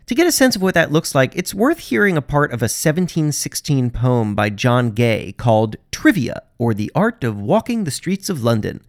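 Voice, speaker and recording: Wry, animated male podcast narrator. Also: medium pitch, moderate pace, hardly any pauses, dry recording, clean studio sound. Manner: wry, sarcastic asides. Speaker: podcast host. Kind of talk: scripted narration.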